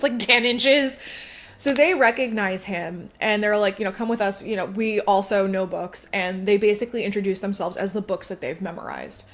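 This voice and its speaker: Woman podcast co-host, casual and profane, animated storyteller, mid-pitched. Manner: chatty, swearing, acts out characters' lines with big jumps in pitch. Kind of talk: casual chat, retelling a book plot.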